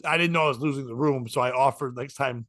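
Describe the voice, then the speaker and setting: A man's voice: medium pitch, fast talker, a bit bright, no room sound, clean studio sound. A man, a stand-up comic hosting a podcast, rambling through a story with profanity and acted-out quotes. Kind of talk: casual storytelling chat.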